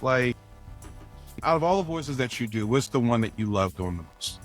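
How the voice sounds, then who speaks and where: A man hosting an interview show, talking in a laid-back, halting way with plenty of "um" and "you know". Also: mid-range voice, lively intonation, faint music behind. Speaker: show host. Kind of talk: casual interview chat.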